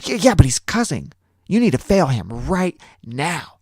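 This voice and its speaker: A man's voice: lively intonation, a little slow, fairly bright tone, no room sound, studio quality. A man voicing an entitled teenage girl who insists and pushes. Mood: indignant. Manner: insistent, shrill and pushy.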